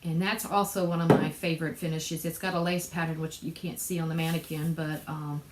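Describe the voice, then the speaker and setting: A woman's voice: low voice, flat delivery, fairly quick, heavy background noise. A woman co-hosting a knitting podcast in casual chat, chatty and trailing off mid-sentence. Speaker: podcast co-host. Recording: echoey room with faint ambience.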